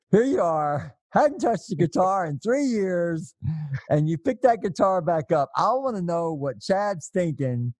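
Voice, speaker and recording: A man's voice: a little high, darkish tone, no echo. A man hosting an interview, asking long, chatty, rambling questions. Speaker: interview host.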